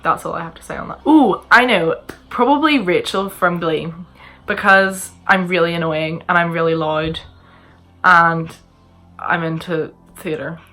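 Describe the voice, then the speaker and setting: This young woman vlogger, with a Northern Irish accent, casually rambles to camera and makes fun of herself while answering what viewers have asked. Her lowish voice is a little slow and sharp in tone. In the background, faint music plays elsewhere in the house.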